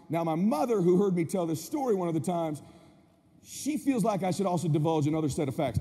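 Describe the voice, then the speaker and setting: A man telling a story in a live motivational speech, with energetic and punchy delivery. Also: high voice, slightly rough. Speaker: motivational speaker. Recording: echoey hall with faint noise.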